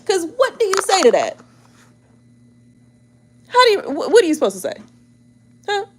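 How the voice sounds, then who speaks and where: A woman, hosting a casual chat to her viewers, animated, exclaiming and laughing as she talks. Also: extremely high pitch, moderate pace, slight background noise. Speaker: tarot channel host.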